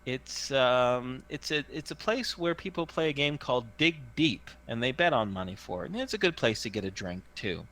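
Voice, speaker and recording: Bright, lively game master. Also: male voice, medium pitch, moderate pace, few pauses. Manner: chatty, many fillers and restarts. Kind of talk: narrating a tabletop game.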